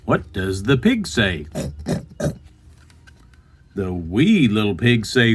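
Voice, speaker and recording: A man reading a picture book aloud in a bookstore, playfully breaking into loud high animal noises. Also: huge pitch swings, takes it slowly, long pauses, breathy edge. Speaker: storybook reader.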